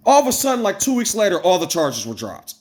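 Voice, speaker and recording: A man telling a story straight to his viewers in a casual, blunt, profane rant, swinging between loud exclamations and low asides. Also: huge pitch swings, fast. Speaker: vlogger. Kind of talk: casual ranting storytelling to camera.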